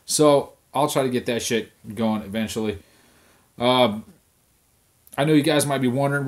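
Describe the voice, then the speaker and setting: A man's voice: mid-range voice, moderate pace, long pauses. A young man venting on camera at home, swearing constantly as he rants about his week. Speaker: vlog host. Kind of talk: profane ranting monologue.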